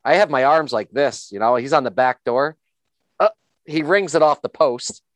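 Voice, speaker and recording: A middle-aged former hockey player tells stories in a casual, rambling chat, often repeating words as he begins a sentence. His voice is medium in pitch and animated, at a moderate pace, with no room sound.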